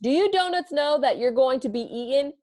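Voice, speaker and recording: A woman's voice: on the high side, sing-song, moderate pace, dry recording, clean studio sound, pitched above the performer's own voice. A woman voicing a cheerful, kindly male baker who speaks in a friendly way and hesitates when surprised. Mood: gently puzzled.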